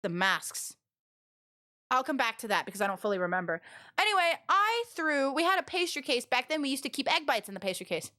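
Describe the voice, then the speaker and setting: A young woman streaming live, telling rambling stories to her chat in a loud, animated way with lots of fillers. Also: high voice, quick pace. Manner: loud and expressive. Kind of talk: casual storytelling to a live chat.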